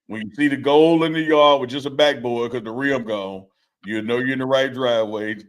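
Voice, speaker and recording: Male co-host, casual sports banter, teasing and laid-back, mid-pitched. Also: fairly even intonation, normal speed.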